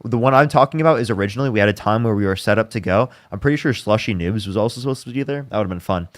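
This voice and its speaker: A man's voice: lowish voice, racing, no room sound. A man hosting a live online debate, pressing insistently and repeating his demands. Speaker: debate livestream host.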